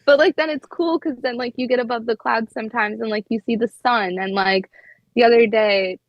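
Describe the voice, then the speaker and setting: A woman's voice: fairly high pitch, fairly quick, dry recording, muffled recording. A young woman, a flight attendant, telling stories in a casual podcast chat and filling her talk with "like". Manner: chatty, heavy use of "like".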